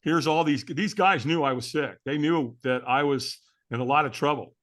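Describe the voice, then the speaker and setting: Male guest telling a candid personal story; bright, slightly high voice, earnest delivery. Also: moderate pace. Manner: earnest, candid, often adds "man".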